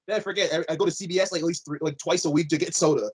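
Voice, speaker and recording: A man's voice: a little high, steady tone, very fast, slight background noise. A young man co-hosting a podcast in casual chat, giggling between sentences. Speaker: podcast co-host.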